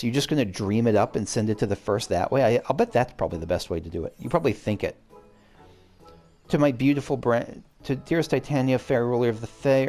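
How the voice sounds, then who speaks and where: Brief: mid-pitched guy narrating his game run, casual and self-mocking, faint music underneath. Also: darkish tone. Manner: chatty, self-deprecating, thinks aloud. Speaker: let's play host.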